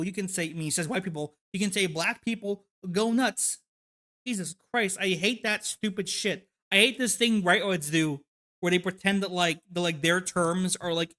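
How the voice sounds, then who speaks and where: A man hosting a livestream, reacting to videos with rapid, profane, exasperated commentary. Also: sits high, pushed and bright.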